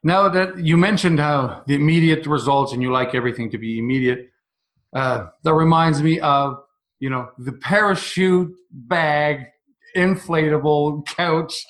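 A man's voice: fairly high pitch, measured pace, fairly bright tone. A man hosting a podcast, asking questions and offering brief, affirming responses. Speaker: podcast host. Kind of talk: interview questions and encouragement.

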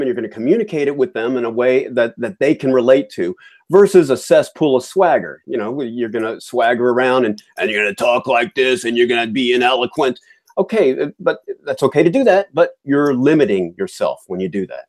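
A man's voice: mid-range voice, animated, a little fast, a little mellow. A man hosting a podcast, giving his opinions in a chatty, casual way. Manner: chatty and opinionated, with frequent fillers and restarts. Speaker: podcast host.

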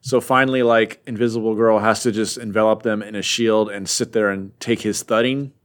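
A man's voice: lowish voice, steady tone, fairly quick. A young man casually retelling a comic book plot, rambling with lots of fillers and offhand jokes. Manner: rambling, filler-heavy, joking.

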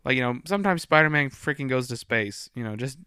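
A man's voice: mid-range voice, expressive, quick pace, pushed and bright, smooth, no echo, clean studio sound. A young man co-hosting a casual podcast chat, laid-back and joking, often trailing off and restarting his sentences.

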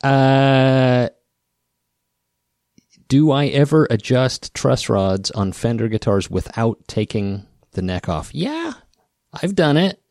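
A man's voice: mid-range voice, big pitch swings, slow, a little mellow, no room sound, studio quality. A man with a rural Western Midwest American accent hosting a podcast, rambling and wry, often breaking off and restarting. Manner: rambling, self-interrupting, wry. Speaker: podcast host. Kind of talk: casual podcast talk.

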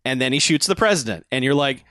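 A man in casual podcast chat, easygoing, often answering in brief agreements and wry comments. His voice is mid-pitched. It is recorded close and dry, with no room sound. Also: expressive, quick pace, bright, forceful tone, no echo. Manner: laid-back, dry asides and short agreements. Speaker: podcast co-host. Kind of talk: casual movie recap chat.

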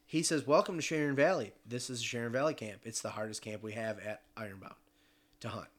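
A young man casually telling a hunting story, animated and swearing freely as he acts out other people's voices. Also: medium pitch, brisk.

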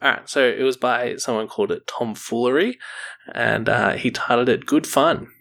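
A man's voice: mid-range voice, normal speed, creaky, a bit bright. A young man co-hosting a casual podcast, reading out plugs and listener reviews and laughing often. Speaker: podcast co-host.

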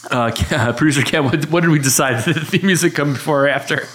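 A man's voice: fairly high pitch, fast talker, fairly bright tone. Laughing, hesitant man in his thirties. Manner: hesitant, many fillers, laughs often. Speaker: podcast co-host. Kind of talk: casual chat.

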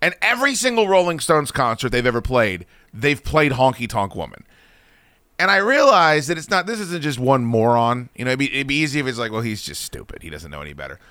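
Forceful, profane male talk-show host. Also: mid-range voice, fairly quick, dry recording, clean studio sound. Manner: profane, animated venting. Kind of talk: casual chat and ranting.

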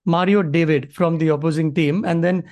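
A man's voice: a little high, steady tone, normal speed, a little mellow. A man with a Maharashtrian Indian English accent co-hosting a casual chat, slipping into Hindi. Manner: chatty, switches into Hindi. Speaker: podcast co-host.

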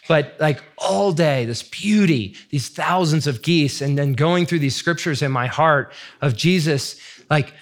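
Earnest middle-aged man, slightly high voice. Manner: earnest, searching, emotional. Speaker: faith teacher sharing testimony. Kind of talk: heartfelt teaching talk.

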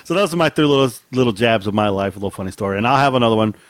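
A man's voice: lively intonation, very fast, dry recording. A middle-aged man co-hosting a podcast, telling rambling, profane stories with lots of laughter. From Mexican heritage. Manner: profane, laughing storyteller with big pitch swings. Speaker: podcast co-host. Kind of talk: casual chat, storytelling.

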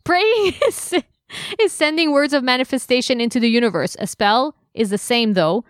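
A woman's voice: sits high, moderate pace, dry recording, studio quality. Casual, swearing woman podcast co-host. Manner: swears casually, reads quotes with sarcasm. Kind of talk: casual chat.

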